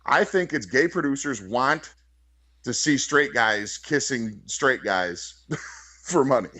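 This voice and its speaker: A man from Chicago co-hosting a wrestling podcast, talking in rambling, halting casual banter. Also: mid-range voice, expressive, sharp tone, no room sound. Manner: rambling, halting, with frequent restarts and laughs.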